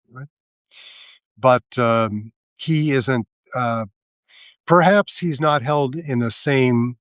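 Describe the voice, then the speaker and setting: A man speaking slowly and haltingly in a casual political commentary, sardonic and full of fillers and restarts. His voice sits at a middle pitch, heard close and dry with no room sound. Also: a bit bright, no room sound. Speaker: live video host.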